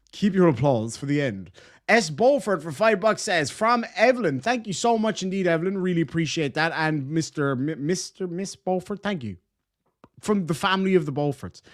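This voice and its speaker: A man casually reading out super chats on a livestream, animated and full of swearing and quick thank-yous. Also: on the high side. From Ireland.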